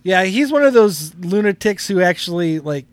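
A man's voice: sits high, animated, moderate pace. A man co-hosting a casual podcast who rambles through loose anecdotes and laughs often. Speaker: podcast co-host.

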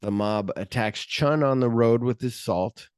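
A man's voice: mid-range voice, measured pace, darkish tone, smooth, no room sound, studio quality. A man co-hosting a podcast, recapping a movie in casual profane chat and acting out the scenes in quoted voices. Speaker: podcast co-host.

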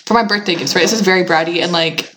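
A woman's voice: fairly low pitch, fast talker, a bit bright. Young woman rambling about stuff, self-deprecating, bit of hiss. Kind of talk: casual chat.

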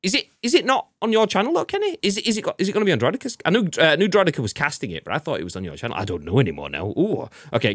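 A man's voice: mid-range voice, a bit bright, no room sound, studio quality. A man hosting a gaming news podcast in casual, joking chat, swearing freely as he reads out the news. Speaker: podcast host.

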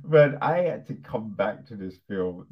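A man's voice: lowish voice, expressive, unhurried. A man casually reviewing a film on his channel, laughing, swearing and throwing in lots of rhetorical asides. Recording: dull lo-fi recording.

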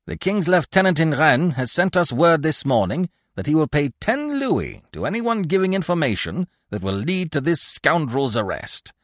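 A man voicing a gruff, brusque sergeant of the mounted police. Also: a little high, sing-song, normal speed, hardly any pauses, fairly bright tone, dry recording, studio quality, voice pushed up. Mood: businesslike.

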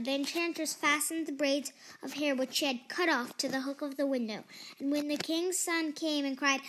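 A young woman with a high, light voice reads a fairy tale aloud. She goes carefully line by line, with the odd slip and restart. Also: fairly bright tone, a little hiss or hum. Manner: careful reading with small slips. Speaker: storyteller.

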